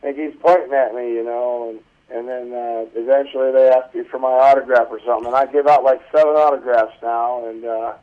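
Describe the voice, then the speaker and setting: A man's voice: mid-range voice, steady tone, brisk, hardly any pauses. A man who is a guest and pig farmer, telling stories in a rambling, salty, folksy way during a casual phone interview. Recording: tinny phone line.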